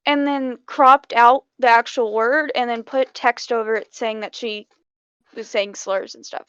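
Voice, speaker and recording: A bubbly teenage girl on a casual podcast with a very high voice. She cuts in with quick questions. Her sound is dry and close. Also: fairly even intonation, a bit bright, clean tone, no room sound, highs cut off. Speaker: podcast co-host. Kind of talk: casual chat.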